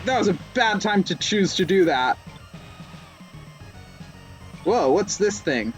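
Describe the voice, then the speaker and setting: A man's voice: high voice, measured pace, faint music behind. A young man streaming live gameplay, rambling with self-mocking jokes and sudden yelps.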